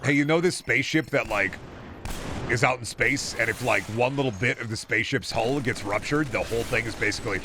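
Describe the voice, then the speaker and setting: A man's voice: mid-range voice, fairly quick, background noise. A man streaming a video game, rambling in casual, profane, jokey commentary. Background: game music and sound.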